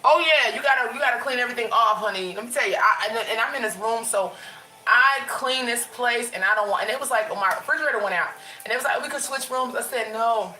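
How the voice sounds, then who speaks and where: Bright-voiced woman rambling to her viewers, runny nose, echoey bedroom with a bit of hiss. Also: a little high, fast talker. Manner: chatty, addresses viewers as y'all, lots of restarts. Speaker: vlogger. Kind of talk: casual livestream chat.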